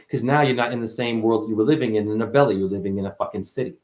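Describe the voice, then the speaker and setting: A man delivering a rambling spiritual monologue, profane and full of wordplay, who calls the listener honey and swings from mutters to excited outbursts. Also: on the low side, racing. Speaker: spiritual speaker. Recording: roomy echo.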